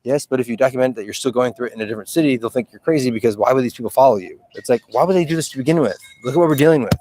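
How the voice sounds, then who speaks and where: A man with a middle-pitched voice talks into his own video diary. He rambles and sounds agitated, swearing freely and voicing his own thoughts as quotes. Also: racing, warm tone. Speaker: video journal keeper.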